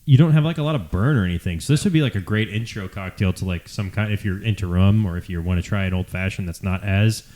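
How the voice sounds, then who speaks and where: A man's voice: lowish voice, fast, few pauses, a little mellow. A man co-hosting a casual chat over drinks, talkative and often hedging with "I don't know.". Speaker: podcast co-host.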